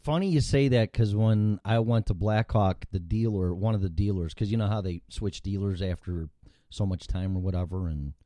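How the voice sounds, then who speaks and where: A man's voice: lowish voice, normal speed, warm tone, no room sound. A man from Chicago with a Chicago accent, hosting a casual talk show and chatting bluntly, swearing freely as he tells stories. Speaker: radio show host. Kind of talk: casual chat.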